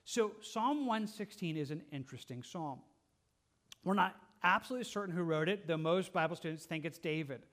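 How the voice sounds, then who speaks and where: A man preaching a verse-by-verse sermon as pastor, talking earnestly and conversationally, with restarts and soft laughs. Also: a little high, expressive, a little fast.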